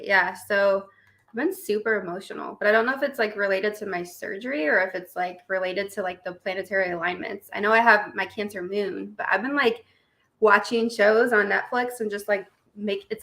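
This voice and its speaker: Bright, giggly young woman chatting live. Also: mid-range voice. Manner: chatty and giggly, greets viewers by name. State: recovering from surgery. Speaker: host of a live stream. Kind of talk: casual live-stream chat, reading viewer comments.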